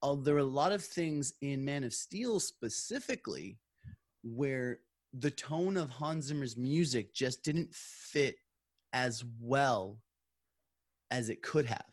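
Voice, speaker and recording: A man's voice: medium pitch, slow, no room sound. Opinionated man, dry close sound. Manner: opinionated, stammers at starts. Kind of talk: casual chat.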